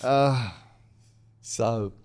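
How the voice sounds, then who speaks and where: A man's voice: mid-range voice, very slow, darkish tone. A man co-hosting a podcast, bantering casually and swearing as he mocks people in put-on voices. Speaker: podcast co-host. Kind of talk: casual chat.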